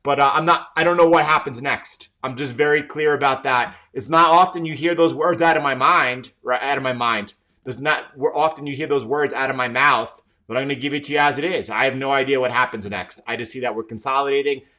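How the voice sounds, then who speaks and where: Offering live market commentary as a trading livestream host, this man talks with emphasis and frequently repeats and restarts himself. He speaks fairly quickly in a medium-pitched voice with a sharp tone.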